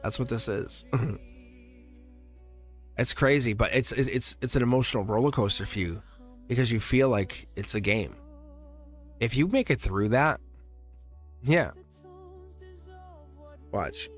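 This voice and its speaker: A man's voice: medium pitch, expressive, unhurried, pauses often, soft background music. A man giving a casual live-stream tarot reading. He talks in a chatty, emphatic, reassuring way and laughs often between phrases.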